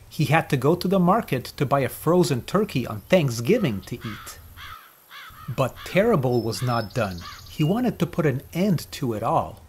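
A man narrating a rhyming children's story with a lively, sing-song delivery. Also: a little high, slight background noise.

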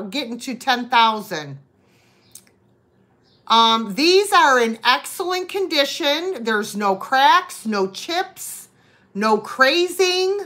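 A chatty woman hosting a live vintage sale, greeting viewers by name between items. Her voice sits high and swoops about a lot, and she talks very slowly. The tone is bright and forceful. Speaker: online vintage seller. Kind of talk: live-stream sale chat.

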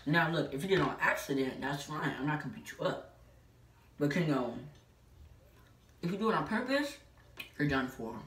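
A woman with a low voice tells a personal story to her viewers, emphatic and full of filler "like"s. She sounds some distance from the mic in an echoey room. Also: expressive, normal speed, pauses often, a little hiss or hum. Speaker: vlogger. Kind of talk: casual storytelling.

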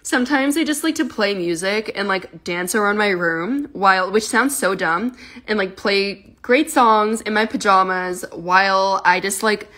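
A woman's voice: mid-range voice, unhurried, a bit bright. A young woman chatting casually on a phone livestream, giggling and cooing baby talk at her cat. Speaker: livestream host.

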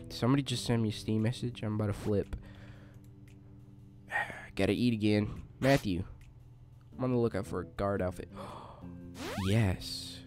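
A young man giving casual let's play commentary, chatting along and yelping in panic whenever his character is attacked. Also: fairly low pitch. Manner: excitable, yelps and shrieks when attacked. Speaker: gaming YouTuber.

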